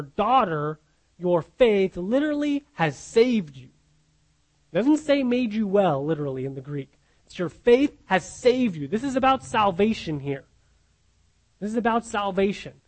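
A man with a fairly high voice preaches a sermon, walking his listeners through a Bible passage. He teaches earnestly, repeats key phrases for emphasis and often checks in with "right?". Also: rough recording.

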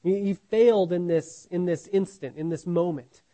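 An earnest male preacher teaching from scripture, his voice sitting high. He asks the listeners question after question, often restarting words and tagging lines with "right?". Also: normal speed, mellow, poor audio. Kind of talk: sermon, Bible teaching.

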